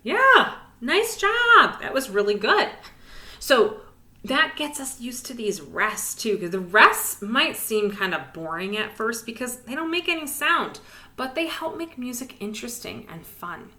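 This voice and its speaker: Lively, bright-voiced woman music teacher. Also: fairly high pitch, a little slow, echoey room. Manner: cheerful, encouraging, sing-song with whispered rests. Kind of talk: video lesson for young children.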